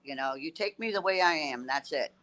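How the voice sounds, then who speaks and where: Halting woman guest, bright voice. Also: deep voice, expressive, low-quality recording. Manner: halting, fills every pause with "you know". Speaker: podcast guest. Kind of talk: casual podcast chat.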